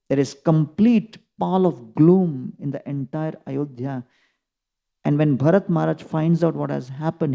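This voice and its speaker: Earnest preacher, gravelly. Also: male voice, on the high side, warm tone, lo-fi sound. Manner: earnest storytelling with emphatic rises. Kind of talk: sermon, scripture class.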